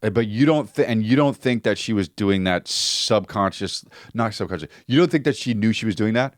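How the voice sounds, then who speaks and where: Lively-voiced man chatting on a podcast. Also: on the low side, no room sound, studio quality. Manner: rambling, halting, full of restarts. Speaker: podcast co-host. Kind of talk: casual chat.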